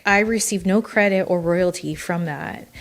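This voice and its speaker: Candid, animated woman telling stories. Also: fairly low pitch, moderate pace. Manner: animated, candid, laughs often, casual swearing. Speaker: guest, former wrestler. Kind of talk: casual interview storytelling.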